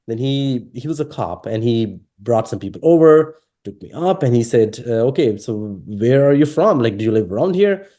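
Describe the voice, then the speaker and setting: A man from Pakistan, telling his personal story in an interview, halting and full of fillers and restarts. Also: medium pitch, mellow. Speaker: interviewee sharing his testimony.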